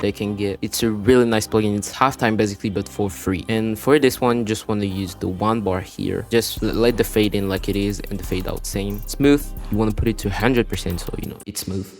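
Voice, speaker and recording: A man with a French accent narrates a beat-making tutorial in a relaxed, rambling way, leaning on "you wanna" and "you know". His voice sits on the low side. Soft music plays faintly behind him. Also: fairly quick, hardly any pauses. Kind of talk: screen-recorded music production tutorial. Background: beat playback between explanations.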